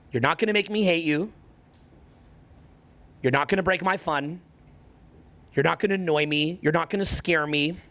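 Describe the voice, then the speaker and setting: A man in his forties, working as a social skills coach, gives a motivational talk in a high-pitched, somewhat bright voice. Profane and fired up, he's intense and emphatic, pounding on each point by saying it again and again.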